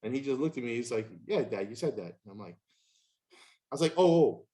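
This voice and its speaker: Animated middle-aged man telling stories. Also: a little fast. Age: 50s. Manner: animated, acts out quoted voices with big pitch jumps. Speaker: podcast host. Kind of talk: casual storytelling chat.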